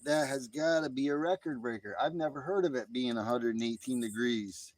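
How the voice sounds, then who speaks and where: A man's voice: medium pitch, a little fast, no echo. A man hosting a casual late-night live stream, talking outdoors in a laid-back way, chuckling often and reading out chat messages.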